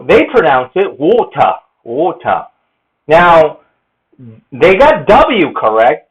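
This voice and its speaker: Male presenter with a high, expressive voice; methodical, lecturing delivery; muffled lo-fi sound. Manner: lecturing, counts errors methodically. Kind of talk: explanatory monologue.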